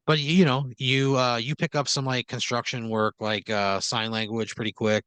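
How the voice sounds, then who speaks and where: A man at a podcast microphone tells a rambling, improvised comic story at a middling pitch. He leans on filler words and keeps checking in with his listener. The sound is dry and close. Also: level tone, moderate pace, fairly bright tone, smooth, no room sound. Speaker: podcast host.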